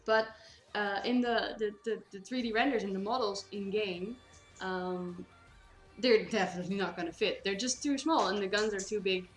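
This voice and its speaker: A woman's voice: medium pitch, moderate pace, echoey room, faint music behind. A woman from the Netherlands with a Dutch accent, chatting casually on a cosplay stream, rambling with lots of fillers and restarts.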